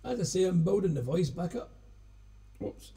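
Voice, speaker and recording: A Scottish singer-songwriter chatting casually on a live stream between songs, rambling and self-deprecating. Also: male voice, high-pitched, lively intonation, moderate pace, gravelly, warm tone, husky. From Scotland.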